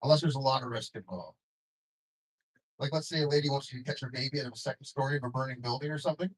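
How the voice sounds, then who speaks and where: A young adult man performing a stand-up comedy set on a club stage, delivering deadpan jokes and chuckling often. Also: mid-range voice, racing, husky, poor audio.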